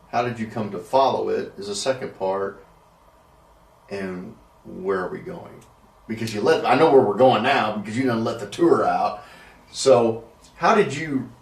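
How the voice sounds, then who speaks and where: A man's voice: on the low side, vocal fry, recorded from a distance. A man hosting a casual interview, teasing his guest and laughing often. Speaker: show host. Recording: echoey room, off-mic.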